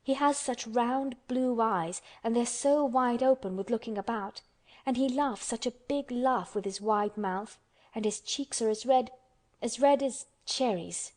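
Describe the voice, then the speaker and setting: A woman's voice: a little high, unhurried, darkish tone, natural voice. Woman voicing a blunt, contrary girl. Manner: blunt and obstinate. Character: stubborn, contrary orphan girl.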